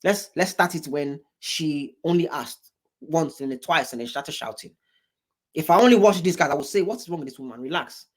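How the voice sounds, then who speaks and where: A man hosting a reaction video, talking in an animated, emphatic way, with big swings in pitch and many repeated, restarted words. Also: normal speed. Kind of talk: reaction commentary.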